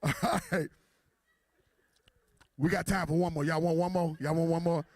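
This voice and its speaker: Brief: playful male emcee, high voice, dry close sound, teasing the crowd. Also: steady tone, moderate pace, darkish tone, dry recording. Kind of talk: stand-up joke telling at a gala.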